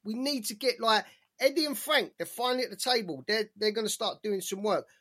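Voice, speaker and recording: A man's voice: high voice, brisk, sharp tone. Man ranting, swearing freely. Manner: heated ranting, heavy swearing. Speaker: podcast co-host. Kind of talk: casual sports chat.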